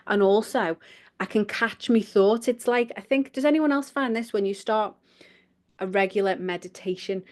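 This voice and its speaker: A woman's voice: medium pitch, darkish tone. A woman, a coach giving a live online workshop in a chatty, giggly, self-deprecating way with casual swearing. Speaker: business coach.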